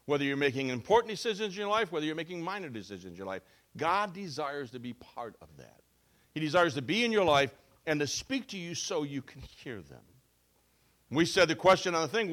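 Animated, emphatic male preacher. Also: on the high side. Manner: emphatic, with wide swings between loud and soft. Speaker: pastor. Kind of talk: sermon.

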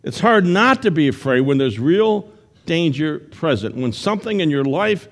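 A male pastor preaching a sermon to his congregation in church, retelling a story with shifting pace and loudness. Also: a little high, very animated, normal speed.

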